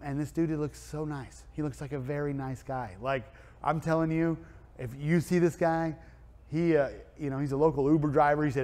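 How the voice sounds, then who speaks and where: A man's voice: fairly high pitch, steady tone, moderate pace, a little mellow, long reverb tail. A man who owns a car wrap and tint shop, telling a story in a casual vlog, rambling and full of fillers. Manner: rambling, filler-heavy chatty delivery.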